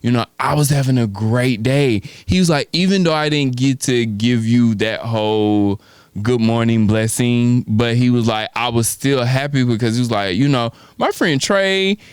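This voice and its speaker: Smooth-voiced man telling a story. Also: mid-range voice, moderate pace, a little mellow, no room sound, studio quality. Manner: storytelling, acting out quoted dialogue. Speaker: podcast co-host. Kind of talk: casual chat.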